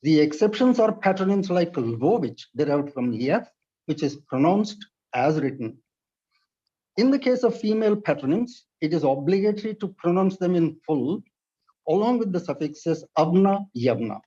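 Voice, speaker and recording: Man, from India, high-pitched, mellow tone, precise lecture delivery, dull lo-fi sound. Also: big pitch swings. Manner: measured, precise, explanatory delivery. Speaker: lecturer on Russian pronunciation. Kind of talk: read-aloud lecture. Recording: dull lo-fi recording.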